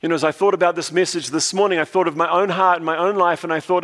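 A man's voice: on the high side, fairly even intonation, fast talker, hardly any pauses, fairly bright tone, in a large hall. A male pastor from New Zealand preaching a sermon, telling stories and often repeating words as he restarts a phrase.

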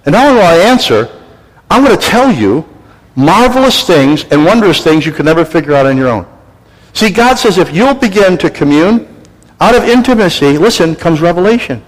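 Animated male pastor in a reverberant hall. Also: high voice, a little fast. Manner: animated preaching, acts out voices and cries out. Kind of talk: sermon.

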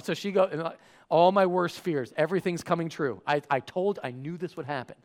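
A man's voice: fairly high pitch, a little fast. A man preaching a sermon, telling a funny everyday story and acting out the voices in it. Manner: animated, acts out voices. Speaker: pastor.

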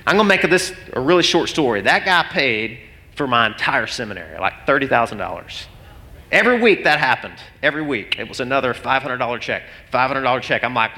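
A middle-aged man from Arkansas, telling a story in a sermon and acting out each voice with big swings in pitch. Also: a little fast. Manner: animated, acts out both sides of his stories with big pitch swings. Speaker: pastor. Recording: long hall reverb.

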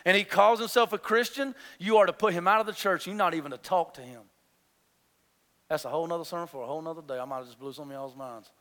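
A man with a high, bright voice preaches a sermon, chatting with the crowd and acting out the people in his story. His voice rings with a smooth, clear tone, and a long reverb trails behind him in a big hall. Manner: conversational, jokey preaching, acts out quoted voices; builds to loud emphatic passages. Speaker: pastor.

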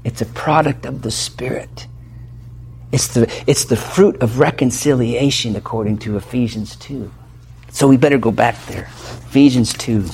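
A man preaching an expository sermon as pastor, emphatic, asking the congregation rhetorical questions and swinging between loud declarations and hushed passages. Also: medium pitch, normal speed, gravelly, a little hiss or hum.

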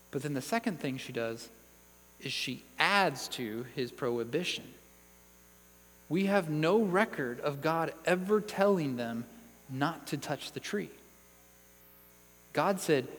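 Male pastor, slightly high voice, earnest and emphatic sermon delivery, long hall reverb. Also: animated, normal speed. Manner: earnest, emphatic Bible teaching with read-out verses.

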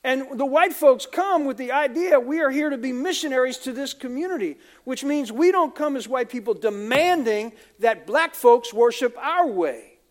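A man's voice: extremely high pitch, animated, moderate pace, hardly any pauses. A man from the United States, a pastor preaching a conversational sermon full of asides and acted-out quotes.

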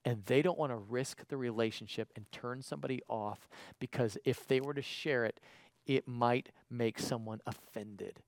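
A man preaching a livestreamed sermon, conversational and emphatic, moving between loud exclamations and quiet pleading. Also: medium pitch, normal speed, dry recording.

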